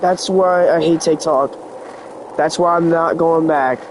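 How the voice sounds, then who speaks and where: A man's voice: on the high side, steady tone, unhurried, a little hiss or hum, low-quality recording. A teenage boy vlogging in an earnest, rambling way, full of "like" fillers, his voice slightly sick and cracking. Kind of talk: confessional vlog talk.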